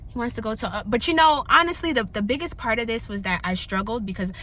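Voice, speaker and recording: A young woman vlogging in candid casual chat, animated and slangy, often laughing. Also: fairly high pitch, quick pace.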